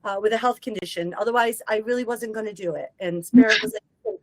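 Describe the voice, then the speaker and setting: A woman, a medium, telling a personal story in casual conversation, emotional and animated, breaking into short sung lines. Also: fairly high pitch, brisk, no room sound, low-quality recording. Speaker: guest medium.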